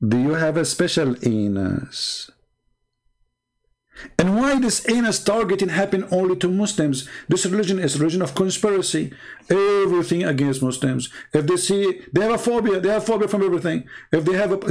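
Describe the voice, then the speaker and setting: A man's voice: high voice, animated, fairly quick, a little mellow. A man hosting a live stream, talking in scornful, sarcastic rhetorical questions with broken, non-standard English grammar. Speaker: livestream host. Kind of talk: mocking live-stream commentary.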